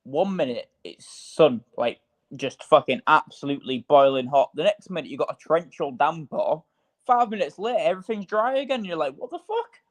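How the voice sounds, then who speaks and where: A man's voice: on the high side, animated, a little fast. Chatty British man asking questions. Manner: chatty, curious, asks lots of questions. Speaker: livestream guest. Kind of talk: casual chat. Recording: dull voice-chat audio.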